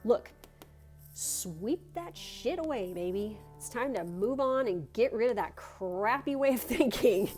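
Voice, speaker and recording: A woman's voice: on the high side, normal speed, few pauses, darkish tone, faint music behind. A woman giving a casual pick-a-card tarot reading. She gushes encouragement, swears casually, and moves between reading card text aloud and chatty asides. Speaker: tarot reader.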